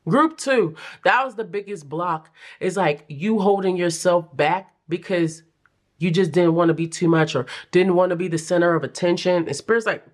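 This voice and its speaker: A young adult woman giving a casual pick-a-card tarot reading, chatty and animated, with playful slang and frequent laughs. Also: lowish voice, moderate pace. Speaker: tarot reader.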